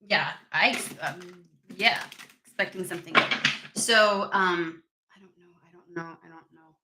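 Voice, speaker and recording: A woman's voice: fairly low pitch, unhurried, echoey room, noisy background. A woman hosting a casual tarot reading vlog, chatty and rambling, with allergies. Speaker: tarot reader.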